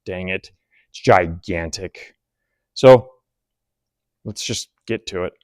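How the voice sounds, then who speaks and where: A hobby mechanic vlogger narrates casually while taking a tractor apart in his workshop, thinking aloud, poking fun at himself, and bursting into amused laughter. His voice sits low, he speaks slowly, and there's no room sound.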